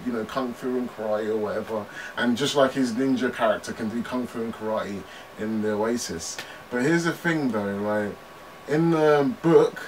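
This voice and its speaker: A man's voice: medium pitch, a bit bright. A young man hosting a reaction video, rambling casually with many restarts and frequent laughs. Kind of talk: casual commentary. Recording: distant mic with background noise.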